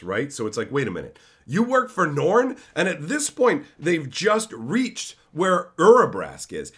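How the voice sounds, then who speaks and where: Man, lore host, casual storytelling, animated intonation, higher-pitched voice. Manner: conversational, frequent tag questions. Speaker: fantasy lore channel host.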